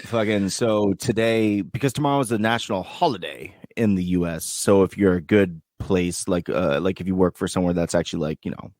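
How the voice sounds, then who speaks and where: Deep-voiced joking American man. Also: fairly quick, hardly any pauses, darkish tone, no room sound, clean studio sound. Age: around 30. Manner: loose, joking, crude banter. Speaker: podcast co-host. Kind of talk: casual chat.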